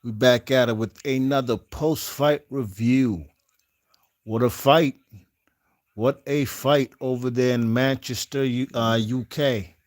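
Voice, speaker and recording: A man's voice: mid-range voice, steady tone, measured pace, few pauses, darkish tone. A man hosting a boxing channel, giving casual post-fight commentary in a rambling, slangy way with lots of fillers and restarts. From not from the UK.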